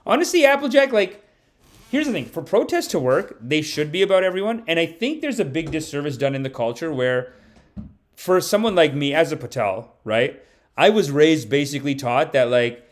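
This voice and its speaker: A man's voice: a little high, lively intonation, moderate pace. A comedian streaming live, a man chatting loosely with his audience and reading donations, with many "like"s. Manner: rambling, many "like"s.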